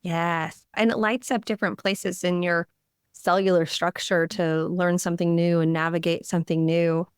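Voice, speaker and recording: A woman hosts a business podcast in a low, smooth voice. She is encouraging and emphatic, cheering on her guest. The recording is dry and close. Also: little pitch movement, moderate pace, no room sound. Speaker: podcast host. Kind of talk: casual podcast interview.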